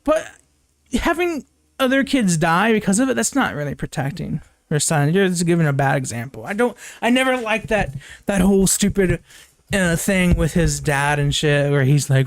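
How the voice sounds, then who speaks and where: Young male reviewer, slightly high voice, dry close sound, rambling casual recap with lots of fillers. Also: lively intonation, moderate pace, no room sound. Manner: rambling, many fillers and restarts, jumps high when quoting characters; laughs often, swears casually. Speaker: movie reviewer. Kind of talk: casual spoken movie recap.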